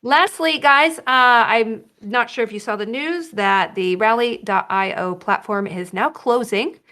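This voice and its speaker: A woman hosting a book club, announcing the next book and news in a relaxed, upbeat way. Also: on the high side, unhurried. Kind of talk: casual chat.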